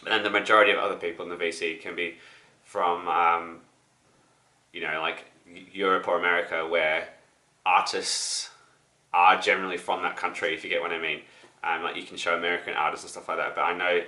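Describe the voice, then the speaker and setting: Low-voiced New man with a slightly sick voice. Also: flat delivery, a little fast, sharp tone. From New Zealand. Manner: rambling, many ums and restarts. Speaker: record-collecting vlogger. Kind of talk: casual vlog to camera. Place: apartment. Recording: echoey room.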